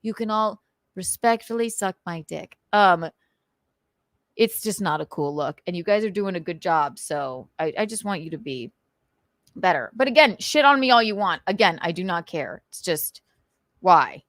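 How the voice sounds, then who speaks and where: A woman host with a transatlantic accent, ranting casually about online comments with crisp enunciation and goofy, theatrical outbursts. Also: on the low side, lively intonation, moderate pace, fairly bright tone, dry recording, clean studio sound. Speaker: show host.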